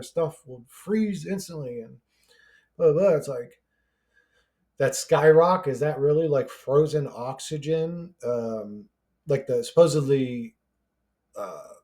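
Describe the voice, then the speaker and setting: High-voiced man in a profane rant. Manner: profane, exasperated, rising to shouting. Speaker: YouTuber ranting to camera. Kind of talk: angry conspiracy rant.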